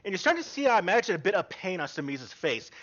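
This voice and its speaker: A man narrating a tabletop game as game master, describing scenes in an animated way with frequent ums. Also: high-pitched, racing, highs cut off.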